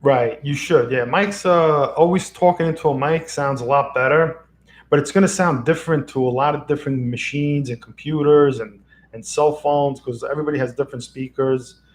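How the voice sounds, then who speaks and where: A man's voice: fairly high pitch, normal speed. A man chatting casually on a livestream from a room at home, rambling and chuckling often into a microphone. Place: home room lit by a lamp. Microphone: XLR microphone on a box.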